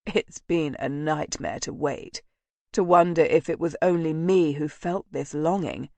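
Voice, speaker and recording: Tender gentleman marquis, hushed and intimate, voiced by a woman narrator; unhurried, dry sound. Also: steady tone, no echo. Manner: low, murmuring, intimate. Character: tender, ardent gentleman marquis, soft-spoken.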